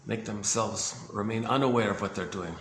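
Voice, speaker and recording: A man giving a casual, halting explanation on psychology, often searching for words and repeating himself. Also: fairly low pitch, fairly bright tone, slight background noise. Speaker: speaker on psychology. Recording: echoey room with faint ambience.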